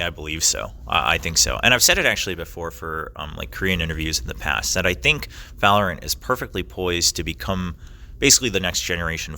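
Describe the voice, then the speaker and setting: A man's voice: sits low, bright, forceful tone. A young man, an esports caster, answering interview questions thoughtfully with many fillers and restarts.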